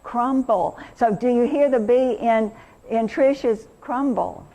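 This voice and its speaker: A woman's voice: a little high, slow, dark tone. A middle-aged woman teacher leading an interactive workshop lesson, enthusiastic and quizzing her audience.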